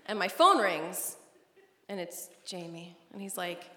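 A woman tells a funny personal story live on stage, her voice dropping to a hush and then rising loud. The sound is roomy, with a long hall echo. Steady noise runs underneath. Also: fairly low pitch, measured pace. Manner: animated, comic, swings between hushed and loud.

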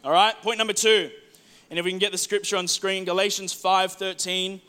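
Bright, high-voiced man preaching. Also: flat delivery, fairly quick, clear, resonant tone. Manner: passionate, repeats words, swings between loud preaching and soft asides. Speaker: pastor. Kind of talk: sermon. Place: church hall.

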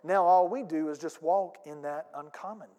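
A pastor preaching a sermon with emphatic delivery, calling on the congregation to repeat lines and acting out little scenes. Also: male voice, on the high side, normal speed, mellow, big-room sound. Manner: emphatic preaching with audience call-and-response and acted-out anecdotes. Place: church sanctuary.

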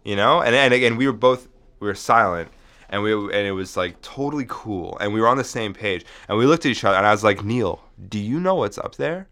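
Low-ish bright voiced guy rambling through a deadpan story, lots of "like". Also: quick pace. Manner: rambling, full of restarts and "like". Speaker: podcast co-host.

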